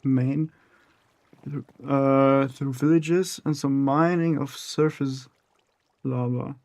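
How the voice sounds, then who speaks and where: A man's voice: mid-range voice, fairly even intonation, slow pace, a little mellow, no room sound. A young man giving casual, profane commentary while building in a video game, muttering to himself as he works. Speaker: gaming streamer.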